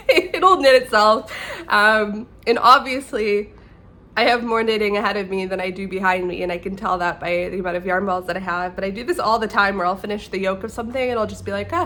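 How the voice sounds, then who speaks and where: A woman's voice: medium pitch, a bit bright, a little hiss or hum. A young woman from Canada hosting a knitting podcast in casual chat, chatty and self-deprecating, laughing often.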